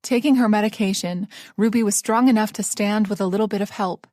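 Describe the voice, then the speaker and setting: A woman narrating a novel aloud in a measured, even audiobook style. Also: medium pitch, no room sound, studio quality.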